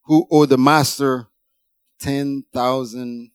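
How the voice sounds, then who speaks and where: Slow, clear-voiced male preacher. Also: steady tone, no echo. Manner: emphatic, rising to exclamations then dropping low. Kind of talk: sermon.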